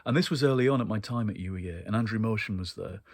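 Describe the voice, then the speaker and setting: A man's voice: on the low side, fast talker, dry recording. A man from northeast England, hosting a show and telling wry, chatty stories about book events. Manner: chatty, wry, frequent laughs and ums. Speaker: host. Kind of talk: casual anecdotal monologue.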